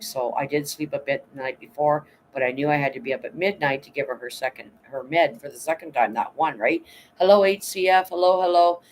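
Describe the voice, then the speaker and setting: A woman's voice: sits low, slight background noise, low-quality recording. A middle-aged Canadian woman chatting bluntly and emotionally on a livestream, swearing often and greeting viewers by name. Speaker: livestream host. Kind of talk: casual livestream chat.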